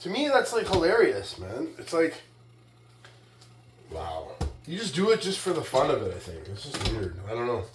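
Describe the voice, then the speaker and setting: A man's voice: mid-range voice, wildly swooping pitch, moderate pace, echoey room, background noise. A man in a casual vlog rant, boastful and taunting, who keeps tagging his sentences with "right?" and "man". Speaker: weightlifting vlogger.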